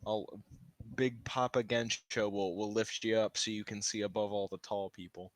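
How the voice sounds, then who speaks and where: A young man at a tabletop game, chatting casually with wry, deadpan asides. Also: fairly low pitch, moderate pace, dry recording.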